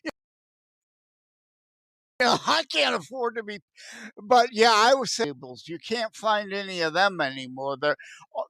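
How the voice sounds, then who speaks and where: A man co-hosting a casual podcast, easygoing and quick to laugh. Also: sits high, vocal fry, pushed and bright, no room sound. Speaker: co-host.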